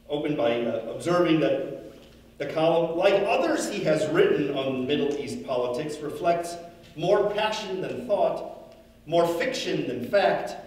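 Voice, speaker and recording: A man's voice: on the high side, a little mellow. A man speaking at a memorial, reading a letter aloud in an imitation of the late man's voice. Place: large synagogue hall. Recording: echoey hall from far off.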